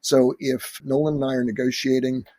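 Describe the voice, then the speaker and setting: A man's voice: medium pitch, flat delivery, normal speed, darkish tone, dry recording. A man who is a negotiation professor, answering interview questions with earnest stories and acted-out quotes. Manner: earnest storyteller, acts out quotes. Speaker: negotiation professor, podcast guest.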